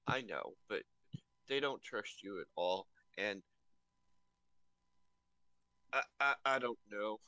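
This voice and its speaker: A man's voice: on the low side, lively intonation, unhurried, sharp tone, no room sound. A man playing in a tabletop game, hesitant and stammering as he talks in character. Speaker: player.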